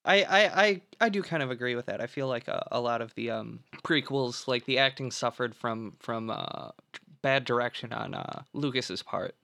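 A man's voice: mid-range voice, lively intonation, moderate pace, vocal fry, sharp tone, dry recording. Dry-voiced rambling podcast man. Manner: rambling, filler-heavy, swears freely. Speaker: podcast co-host recapping the film plot. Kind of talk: casual podcast chat.

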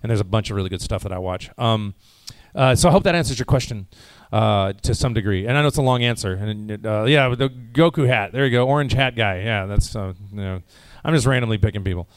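A man's voice: fairly low pitch, a little fast, no echo. An American man who works as a voice actor, answering fan questions in a rambling, chatty way with many fillers and restarts, and a little jet lagged. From United States. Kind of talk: casual panel Q&A.

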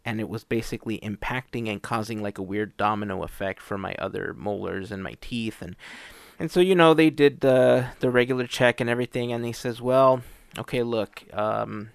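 Creaky-voiced man talking around a retainer. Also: mid-range voice, normal speed, no room sound. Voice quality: trouble with S sounds, slight hiss. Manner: rambling, lots of "like" and restarts. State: slurred speech from a new dental retainer. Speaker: podcast host. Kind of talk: casual chat.

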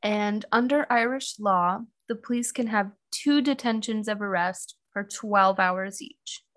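A woman's voice: mid-range voice, unhurried, a bit bright. A young woman co-hosting a podcast, telling a true crime case in casual chat full of "like" and "um". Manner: chatty, heavy use of "like" and "um".

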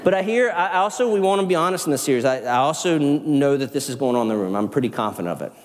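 A man with a Southern accent, a pastor preaching a sermon in an animated, conversational way with self-deprecating asides. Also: on the high side, racing. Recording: long hall reverb.

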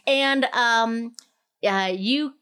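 A woman's voice: a little high, extremely slow, a bit bright, clear, resonant tone. Chatty woman hosting a gardening podcast. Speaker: podcast host. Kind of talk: casual conversational interview.

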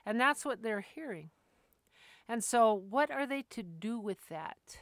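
A woman dog trainer giving casual, plainspoken advice, acting out owners and dogs in quick quoted voices and laughing now and then. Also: on the high side, lively intonation, no echo. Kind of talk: casual instructional talk.

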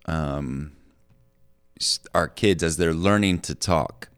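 A man sharing a parenting story in casual podcast chat, speaking hesitantly and pausing on fillers. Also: very deep voice, fairly bright tone, clear, resonant tone, faint music behind.

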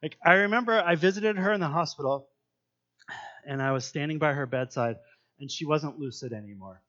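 A high-pitched man gives a relaxed devotional Bible teaching, talking in a chatty, earnest way with plenty of fillers. The recording sounds dull and lo-fi. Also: fairly quick.

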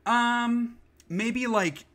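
A man hosts a casual podcast with a bright, forceful tone. He is sarcastic and opinionated and swears freely. His delivery is chatty and full of quick restarts. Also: extremely high pitch. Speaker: podcast host. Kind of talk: casual chat.

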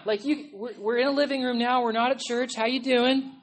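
A woman pastor delivers a sermon in a church, her slightly high voice swinging between shouting and pleading. She keeps it casual, dropping "like" and "okay?" as if chatting with the congregation. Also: steady tone, brisk, few pauses. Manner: impassioned, yelling and pleading; conversational, with frequent "like" and "okay?".

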